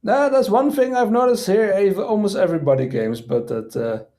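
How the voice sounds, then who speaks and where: Streamer host, man, higher pitch, mellow tone, quaintly formal, hesitant. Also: lively intonation, moderate pace. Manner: quaintly formal, fond of "indeed" and "I say"; hesitant, many fillers. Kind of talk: casual chat.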